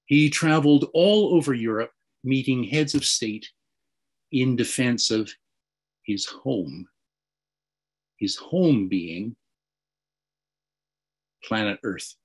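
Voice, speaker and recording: A man with a Canadian accent speaks on a panel at an unhurried, deliberate pace. He halts often on fillers. A gently wry humor runs under his words. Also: mid-range voice, rough recording. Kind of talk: panel discussion remarks.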